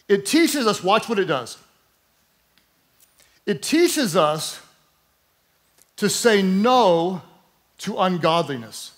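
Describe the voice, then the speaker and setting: Slow and marked by long pauses, this male pastor's high-pitched voice swings widely in pitch. He preaches emphatically, calls for the congregation to repeat words aloud, and includes playful asides.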